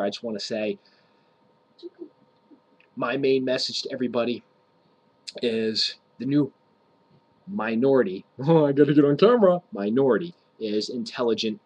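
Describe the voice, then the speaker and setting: A man's voice: mid-range voice, a little mellow, slightly rough, rough recording. A man ranting to camera in a rambling, crude, mock-offensive way, swearing freely and laughing at his own jokes. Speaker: vlogger.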